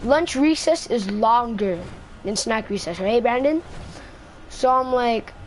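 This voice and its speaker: A woman's voice: fairly high pitch, takes it slowly, slight background noise. A woman telling a casual storytime, rambling, repeating herself and asking "right?" after most lines, into a close mic. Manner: rambling, repeats itself, says "right?" often. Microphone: own mic close to the face.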